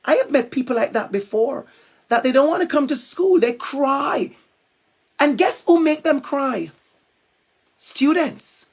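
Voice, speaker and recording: A woman speaking emphatically to students, building long repeated lists and slowing down to read aloud. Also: sits high, expressive. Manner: emphatic, repetitive listing, slows for reading aloud. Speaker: guest speaker reading to students. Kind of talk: expressive talk and read-aloud. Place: school event.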